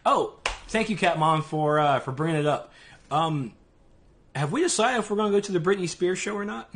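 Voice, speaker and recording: A man with a Southern US accent hosts a laid-back gaming podcast. His voice sits a little high for a man, and he talks in a loose, chatty way. His words slur together into a mumble now and then. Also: animated, brisk, a bit bright. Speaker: podcast host. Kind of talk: casual gaming podcast chat. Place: live-streamed podcast.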